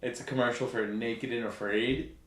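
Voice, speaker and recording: A man ranting through a live game watch-along in a mid-pitched voice, sarcastic and quick to swear. His exasperation shows throughout, and the sound bounces around a roomy, echoey space. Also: fairly even intonation. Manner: sarcastic, profane, exasperated rants. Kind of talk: casual live sports commentary. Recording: roomy echo.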